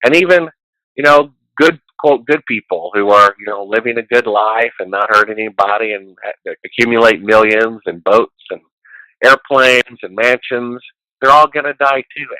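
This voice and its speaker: Rambling, preachy man with a bright voice. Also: medium pitch, moderate pace, dry recording, rough recording. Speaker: guest. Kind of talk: casual conversation.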